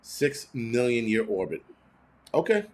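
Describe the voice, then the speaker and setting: A man's voice: mid-range voice, big pitch swings, measured pace, a little mellow. A man hosting his own show, ranting in heated, blunt, profane commentary full of rhetorical questions. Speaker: host.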